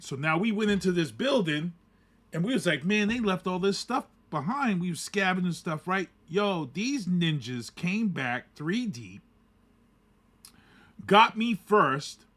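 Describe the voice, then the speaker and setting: A man with a bright, fairly high voice tells a story on a casual podcast. His pitch swings widely, and he acts out the quotes with lots of energy. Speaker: podcast co-host. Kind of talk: casual chat.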